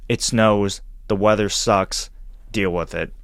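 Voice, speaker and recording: A man hosting a casual podcast chat, telling stories in an animated, rambling way full of restarts. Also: on the low side, slow pace, no room sound, clean studio sound. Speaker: podcast host.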